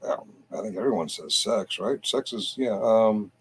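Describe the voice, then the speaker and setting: A man's voice: lowish voice, animated, moderate pace, breathy edge. A man from the United States hosting a late-night live chat, rambling, reading comments aloud and laughing often. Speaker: livestream panel host.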